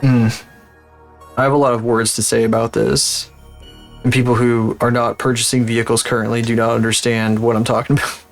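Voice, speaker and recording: A male streamer rants loosely and swears freely, his voice in a middling pitch. Faint background music plays under him as he works on stream. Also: a little fast, creaky. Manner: profane, ranting, animated. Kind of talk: casual livestream chat while working.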